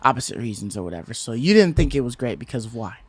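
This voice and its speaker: A man's voice: medium pitch, very animated, fast, husky, no echo. A man in his thirties co-hosting a casual podcast, rambling with lots of fillers and restarts. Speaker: podcast co-host.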